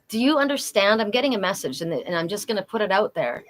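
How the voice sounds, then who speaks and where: A woman's voice: on the low side, expressive, fast talker, a bit bright. A middle-aged woman doing a live oracle card reading, talking earnestly and repeating phrases for emphasis.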